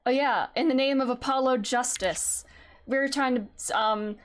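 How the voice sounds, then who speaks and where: A young woman streaming a game, chatting casually with her viewers in an excitable way, with lots of gasps and fillers. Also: sits high, unhurried. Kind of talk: casual live-stream chat.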